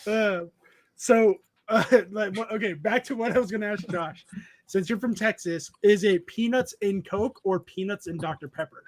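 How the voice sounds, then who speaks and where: A man hosting a casual stream chat, animated, laughing often and reading chat aloud. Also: high voice, moderate pace. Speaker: streamer host.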